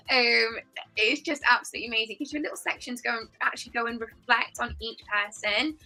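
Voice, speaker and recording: A woman's voice: a little high, sharp tone, low-quality recording. A woman guest on a video call, speaking effusively and from the heart in casual chat.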